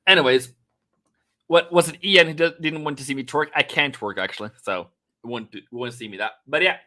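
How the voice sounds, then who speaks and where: A man hosting a live trading stream, commenting on market moves in a playful, jokey way and breaking into excited chanting. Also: fairly high pitch, fairly quick, dry recording, studio quality.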